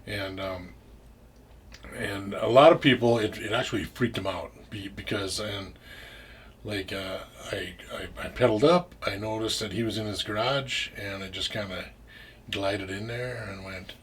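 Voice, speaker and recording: A man's voice: lowish voice, unhurried, slightly rough. A man telling a story in casual talk, rambling with restarts and frequent swearing. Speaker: interview guest.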